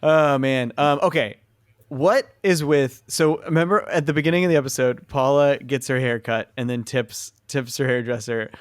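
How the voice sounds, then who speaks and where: A man co-hosting a casual podcast, chatting about a cartoon and acting out quoted lines in a higher voice. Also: steady tone, moderate pace, no echo, clean studio sound. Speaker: podcast co-host.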